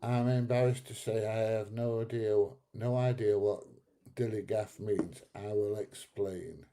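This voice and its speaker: Brief: northern English man, livestream host, unhurried and low, blunt banter. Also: steady tone, background noise. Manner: blunt, chatty, laughs often. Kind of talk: casual livestream chat reading comments.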